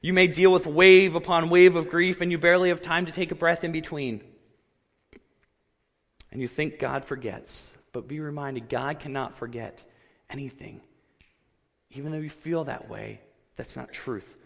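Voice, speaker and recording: A man preaching a sermon, earnest and measured, his voice rising when he quotes cries of anguish. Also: a little high, fairly even intonation, vocal fry, fairly bright tone, long reverb tail. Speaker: pastor.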